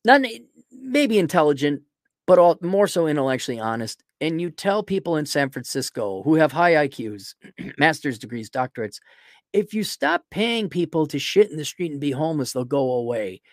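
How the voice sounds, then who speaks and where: Male podcast host, solo rant, blunt and profane, slightly high voice, dry close sound. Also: very animated, normal speed, no room sound. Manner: sarcastic asides.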